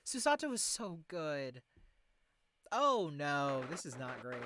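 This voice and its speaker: A man's voice: fairly high pitch, sing-song, slow pace. A man streaming a video game, making laughing, chatty asides between reading the lines. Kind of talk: let's play commentary. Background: game music.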